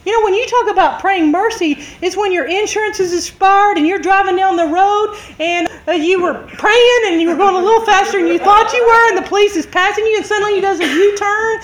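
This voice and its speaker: A woman preaching a sermon, telling a story with lively drama and acted-out shouts. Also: extremely high pitch, fairly quick, few pauses, slight background noise.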